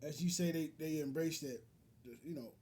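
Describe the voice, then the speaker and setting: High-voiced man rambling to his viewers. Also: moderate pace, dark tone, a little hiss or hum. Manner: rambling, many fillers and restarts, addresses viewers as brothers. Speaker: commentary video host. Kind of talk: casual reaction commentary.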